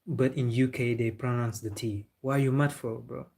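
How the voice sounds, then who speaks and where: A man's voice: mid-range voice, fairly even intonation, moderate pace, vocal fry, a little mellow. Man chatting on a livestream. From Senegal. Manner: chatty, laughing, answers viewer comments. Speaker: football livestream host. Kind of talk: casual livestream chat.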